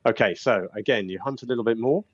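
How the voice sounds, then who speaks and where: A man's voice: medium pitch, fast talker. A man narrating as dungeon master for a tabletop game, chatty and laughing, with many fillers and restarts. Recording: dull lo-fi sound.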